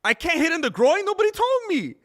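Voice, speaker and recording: A man's voice: very high-pitched, huge pitch swings, fairly quick, voice pushed up, heavily acted. A man voicing a cocky young male fighter in a raised, mocking voice.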